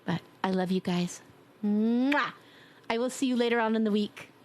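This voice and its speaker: A woman's voice: medium pitch, fast talker. A woman streamer chatting casually and affectionately as she signs off her stream, a bit congested. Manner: warm, affectionate, blowing kisses. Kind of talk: casual stream sign-off chat.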